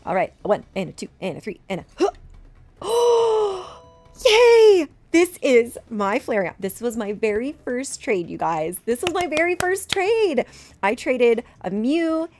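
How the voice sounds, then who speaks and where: A woman in her thirties chatting excitedly as she opens graded trading cards, gasping and repeating herself. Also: fairly high pitch, moderate pace. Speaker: card collecting vlogger. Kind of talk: excited unboxing chat.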